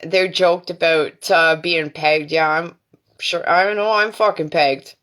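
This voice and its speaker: On her live stream, a Canadian host rants angrily, swearing, defiant, and using lots of fillers. She speaks unhurriedly in a lowish, somewhat bright voice with fairly even intonation, recorded on a phone or webcam.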